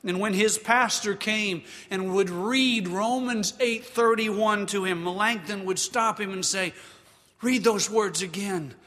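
A male pastor preaching in a slow, deliberate, emphatic way, with a high, bright voice. His words ring out with the long reverb of a large hall, and he has the congregation repeat lines after him. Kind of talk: sermon.

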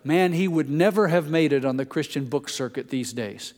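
A man preaching in a slightly higher-than-usual voice, talking plainly and using everyday anecdotes. He sometimes drops into a soft, hushed emphasis. A long reverb from a large church space trails behind his words. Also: normal speed. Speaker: pastor. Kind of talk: sermon.

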